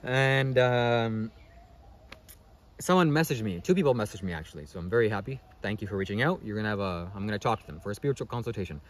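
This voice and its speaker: A man's voice: on the low side, lively intonation. A man giving a rambling motivational monologue to camera, constantly asking himself questions and checking in with "okay?". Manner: fast-talking, rhetorical questions, frequent "okay?". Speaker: spiritual vlogger.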